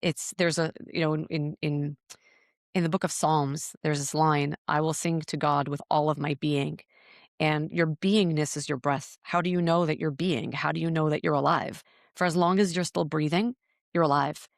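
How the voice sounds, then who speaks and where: In a reflective podcast interview, a female breathwork teacher shares her story at a moderate pace in a low-pitched, fairly even voice. Her telling is earnest and searching, with frequent repeated words as she thinks aloud. Clean studio sound, no room tone.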